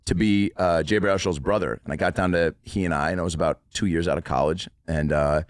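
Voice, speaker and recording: A man's voice: deep voice, fairly even intonation, fast, dry recording, clean studio sound. A man in his thirties, a comedian guest on a podcast, telling a rambling, profane story in casual chat. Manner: rambling storyteller, swears, laughs often.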